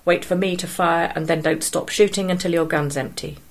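A woman's voice: lowish voice, fairly even intonation, fairly quick, natural voice. A woman reading the lines of a terse, commanding middle-aged fisherman in a story. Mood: stern. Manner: curt, commanding.

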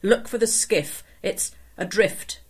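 A woman's voice: medium pitch, slow, breathy edge. A woman reading the lines of a desperate, volatile middle-aged fisherman, with harsh barking outbursts. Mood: furious.

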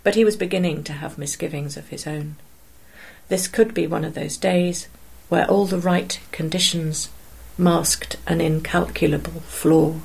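A woman narrating a story aloud in a steady, measured way. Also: sits low, vocal fry, breathy edge, rough recording.

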